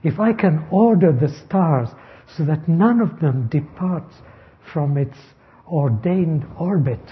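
Slow, deliberate male preacher. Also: fairly high pitch. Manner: slow, deliberate, stressing key words. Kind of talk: expository sermon. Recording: dull lo-fi recording.

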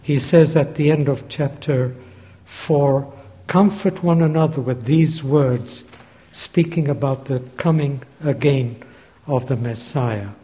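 A man preaching a Bible teaching sermon, measured and deliberate, repeating key phrases for emphasis, recorded in a large church hall. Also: medium pitch, warm tone. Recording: long hall reverb.

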